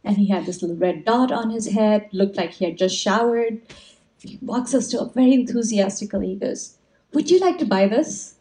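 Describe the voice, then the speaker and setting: A woman gives a reflective spiritual talk in a soft, mellow voice. She speaks gently at a middle pitch, unhurried, and weaves in stories as a teacher would. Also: low-quality recording. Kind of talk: inspirational talk.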